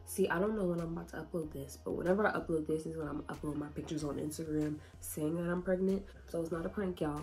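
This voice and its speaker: A young woman talks casually to her viewers in a vlog. Her voice sits a little low, and she is chatty and emotional, often laughing and holding back tears. Faint music plays behind her. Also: steady tone, fast, few pauses, darkish tone. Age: 20s. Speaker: YouTuber.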